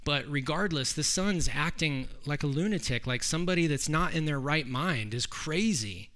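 A man's voice: fairly high pitch, a bit bright. A man preaching a sermon in a conversational way, often restarting his sentences. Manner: conversational, with frequent restarts and acted quotes.

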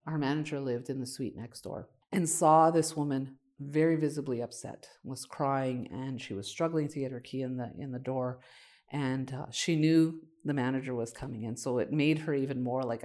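The executive director of a community organization, a woman with a very deep voice and dark tone, explains its programs and tells stories at a moderate pace. She's earnest and conversational and often tacks on "right?"

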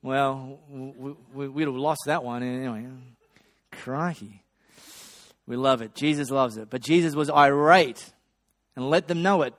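A man preaching a sermon, swinging between loud excitement and hushed storytelling. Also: mid-range voice, unhurried. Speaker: pastor.

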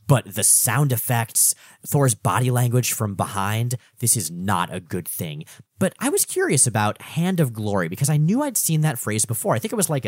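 A man's voice: mid-range voice, no room sound, studio quality. A man hosting a podcast, giving a casual, enthusiastic recap of a comic book story. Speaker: podcast host.

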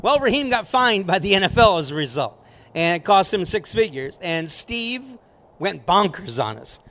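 A man's voice: sits high, sing-song, moderate pace, a bit bright. A man co-hosting a casual sports podcast, telling a story and chiming in with short remarks. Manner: conversational, chimes in with short remarks. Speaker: podcast co-host.

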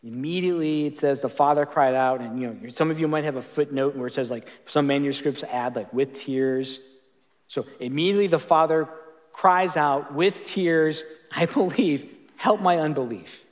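A man's voice: a little high, moderate pace, big-room sound. A man preaching a sermon as pastor, earnest and conversational, often restarting his sentences.

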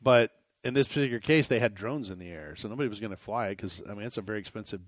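Rambling man, mid pitch, dry mic. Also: racing, no echo. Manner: rambling, restarts a lot. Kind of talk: casual chat.

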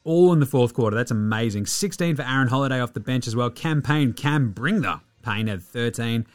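A man's voice: mid-range voice, brisk, faint music behind. An Australian man hosting a casual sports podcast, joking and swearing as he rattles off stats. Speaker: podcast host.

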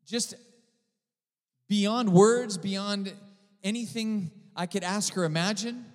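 Man preaching with hall reverb. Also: a little high. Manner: impassioned, swings from loud emphatic preaching to quiet storytelling. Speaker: pastor. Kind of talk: sermon.

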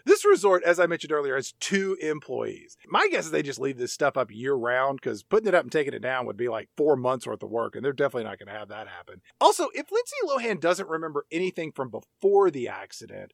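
A man co-hosting a comedic movie recap podcast, sarcastic and animated, acting out the characters in jokey voices. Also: medium pitch, quick pace, creaky, hardly any pauses, no echo, clean studio sound. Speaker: podcast co-host.

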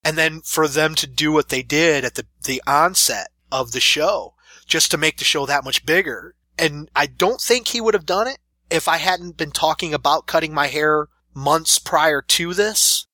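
Brief: thirties man, wrestler guest, lively storyteller, bright tone, dry close sound. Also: a little high, normal speed, dry recording. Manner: animated storyteller, laughs through stories. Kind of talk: casual interview storytelling.

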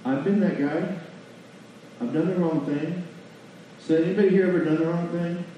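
A man preaching to a church congregation in a folksy, animated way, full of rhetorical questions. His voice is fairly high yet mellow and dark in tone. He is picked up from a distance in a very echoey hall, on a dull, lo-fi recording with faint room noise. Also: normal speed. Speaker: pastor. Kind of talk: sermon. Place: church sanctuary.

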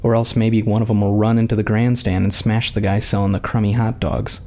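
A man's voice: fairly low pitch, little pitch movement, a little fast, a little mellow, natural voice. A man reading aloud and voicing a sardonic young wife with dry, unimpressed remarks.

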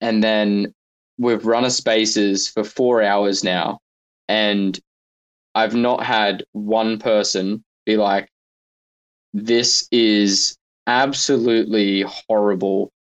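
Casual chat room speaker, male, lowish voice, rambling with lots of "like". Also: level tone, slow. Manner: rambling, heavy use of "like", laughs often. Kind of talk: casual banter.

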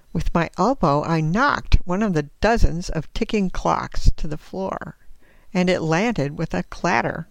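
A woman reading aloud her own short story in first-person narration, measured and deliberate. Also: sits low, creaky, no room sound.

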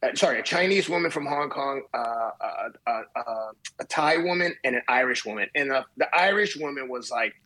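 A man in his fifties, a podcast guest telling a swearing, animated anecdote in casual chat. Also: medium pitch, normal speed. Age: 50s. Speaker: podcast guest, marathon runner.

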